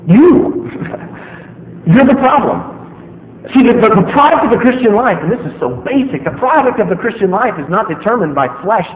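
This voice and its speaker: A man delivers a sermon in a high, swooping voice, emphatic and quick to joke at his listeners. His words ring through a large, echoey hall, and the recording sounds dull and lo-fi. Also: expressive. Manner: emphatic, joking, talks straight to the listeners. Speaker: preacher.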